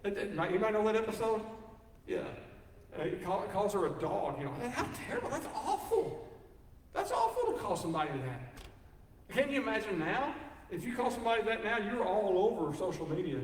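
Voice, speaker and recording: A man preaching a sermon, folksy and animated, joking with the congregation. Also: high voice, brisk, a little hiss or hum. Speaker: pastor. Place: church sanctuary. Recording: echoey hall, speaker far from mic.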